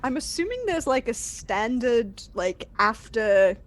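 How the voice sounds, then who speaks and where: A woman with a somewhat high voice plays in a tabletop game. She chattily lays out her character's actions, often with "like" and "you know". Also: big pitch swings, a little slow. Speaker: player.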